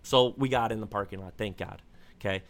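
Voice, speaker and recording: A young man telling a rambling story in casual chat, animated and swearing freely. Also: fairly low pitch, fairly quick.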